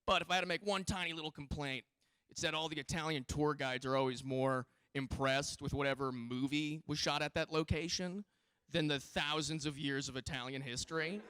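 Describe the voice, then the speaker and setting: Loose, profane stand-up comic. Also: male voice, fairly high pitch, fairly even intonation, a little fast, a bit bright, smooth, no echo, clean studio sound. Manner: loose, profane and rambling, with frequent filler restarts. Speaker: stand-up comedian. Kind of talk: stand-up comedy set. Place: live comedy stage.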